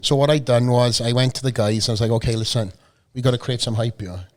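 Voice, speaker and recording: Hoarse Welsh man telling swear-laced stories. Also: mid-range voice, steady tone, quick pace, a little mellow. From South Wales. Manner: swearing, storytelling, joking. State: a bit hoarse from a cold. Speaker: guest. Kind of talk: casual chat. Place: podcast studio.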